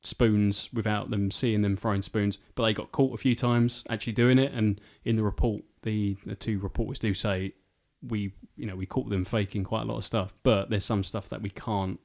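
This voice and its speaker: Low-voiced man in casual chat. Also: steady tone, moderate pace, vocal fry, hardly any pauses, a little mellow. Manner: rambling, swears often. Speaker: podcast co-host.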